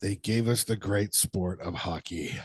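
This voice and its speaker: A man's voice: low voice, a little slow, slightly rough, no room sound. A man co-hosting a casual podcast chat, laid-back, agreeing often and swearing freely. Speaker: podcast co-host.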